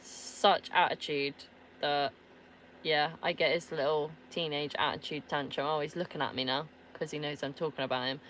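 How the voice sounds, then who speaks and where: Casual van-life vlogger, woman, deep register, easygoing, laughs and swears freely. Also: level tone, moderate pace, fairly bright tone, slight background noise. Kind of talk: casual chat answering viewers. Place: inside a camper van.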